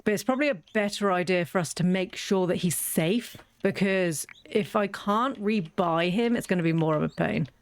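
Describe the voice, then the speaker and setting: Doing casual let's-play commentary, this woman gaming creator speaks in a lowish voice at normal speed with few pauses. Her humor is wry and self-deprecating, and she talks affectionately to the animals in her game.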